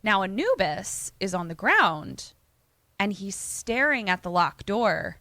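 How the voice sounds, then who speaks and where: A woman co-hosting a podcast, casually retelling a film plot in an animated way and acting out the characters' lines. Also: mid-range voice, takes it slowly, no room sound. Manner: animated, acts out quoted lines. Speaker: podcast co-host.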